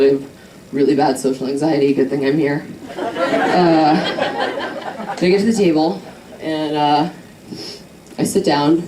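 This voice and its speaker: A young woman doing stand-up comedy, with a low, mellow voice and a rambling, self-deprecating delivery full of crude jokes. She sounds set back from the microphone in a roomy, echoing club. A crowd laughs along behind her. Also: slight background noise. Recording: roomy club audio from a distance. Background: audience laughter.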